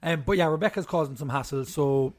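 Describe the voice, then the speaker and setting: A man's voice: on the high side, brisk. A young man co-hosting a podcast, chatting casually and teasing his co-host. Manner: joking, teasing. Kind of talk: casual chat.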